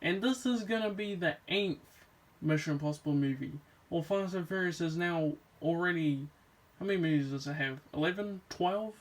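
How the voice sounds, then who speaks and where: A man's voice: fairly high pitch, moderate pace. A young man vlogging in a casual, rambling way, with lots of fillers and restarts as he talks about films he loves. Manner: rambling, full of "like" and "um", enthusiastic. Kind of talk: casual movie chat.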